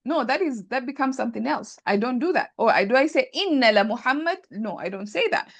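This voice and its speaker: A woman's voice: on the high side, animated, normal speed, fairly bright tone. A woman teaching Arabic grammar in an online class, thinking aloud and often checking that students follow. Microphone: video call.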